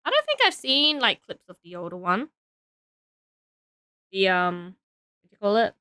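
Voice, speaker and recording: A woman's voice: medium pitch, big pitch swings, normal speed, sharp tone, smooth, no echo, clean studio sound. A woman streaming, chatting casually and giggling as she builds and talks to her viewers, tired and trailing off into self-talk. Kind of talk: casual live-stream chat while building.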